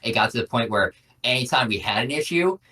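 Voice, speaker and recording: A man's voice: medium pitch, lively intonation, fast, sharp tone, distant mic. A man co-hosting a casual podcast over a video call, speaking candidly in a rambling way, heavy on fillers and swearing. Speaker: podcast co-host.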